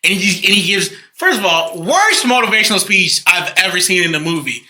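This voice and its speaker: A man co-hosting a casual comedy podcast, telling jokes in a giggly, animated way. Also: high-pitched, a little fast, hardly any pauses. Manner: giggly, animated storytelling, slips into impressions. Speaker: podcast co-host.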